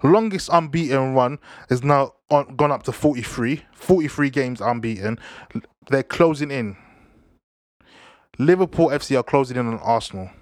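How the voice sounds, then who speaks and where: A young man, giving casual football banter in an animated, slang-heavy way. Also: mid-range voice, normal speed, no echo, clean studio sound. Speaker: football vlogger.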